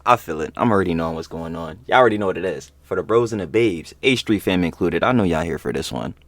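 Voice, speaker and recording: A man hosting a reaction video, casual and profane, swinging from slangy chatter to loud outraged yelling. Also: deep voice, animated, no echo. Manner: slangy, fast-talking intro to viewers.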